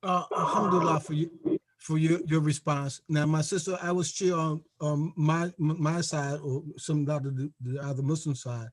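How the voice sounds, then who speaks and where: A man interviewing a guest, asking hesitant, halting questions full of ums. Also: a little high, flat delivery.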